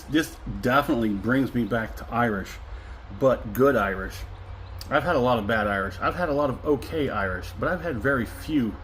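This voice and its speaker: A man's voice: mid-range voice, a little hiss or hum, rough recording. Effusive man savoring a whiskey tasting. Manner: effusive, savoring, humming and chuckling. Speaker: whiskey reviewer. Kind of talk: casual tasting review.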